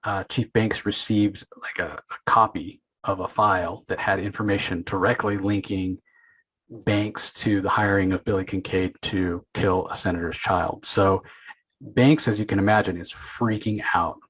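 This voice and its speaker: A man with a slightly low, husky voice talks through a comic issue in a loose, conversational way. He keeps stopping to restart his sentences and drops in little acted-out lines from the characters as he goes. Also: steady tone, a bit bright, low-quality recording. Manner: retells scenes with quick acted quotes, many fillers and restarts. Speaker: comic book podcast host. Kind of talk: casual recap and commentary.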